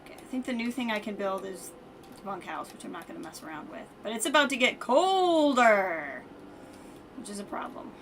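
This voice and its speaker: A woman's voice: mid-range voice, very animated, brisk, fairly bright tone. A woman streaming a game, thinking aloud in a chatty, self-correcting way. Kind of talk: casual let's-play commentary. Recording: distant mic with background noise.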